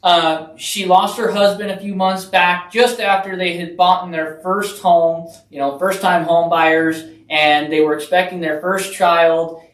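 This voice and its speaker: A person on a radio talk show, earnestly promoting a charity event in a casual way. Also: female voice, fairly even intonation. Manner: earnest, rapid promotional pitch. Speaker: event organizer guest. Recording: roomy, distant mic.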